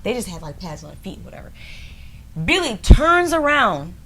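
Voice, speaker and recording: A woman co-hosting a podcast, telling a story in casual chat, animated and often laughing, acting out other people's lines. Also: medium pitch, normal speed. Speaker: podcast co-host.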